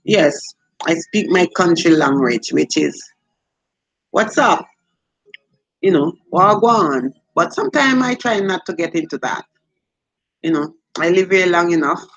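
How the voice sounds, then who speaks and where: A woman's voice: on the low side, animated, normal speed, echoey room, poor audio. Chatty Jamaican woman on a livestream. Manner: chatty, reads out and answers viewer comments. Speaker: livestream host. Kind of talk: casual livestream chat with viewers.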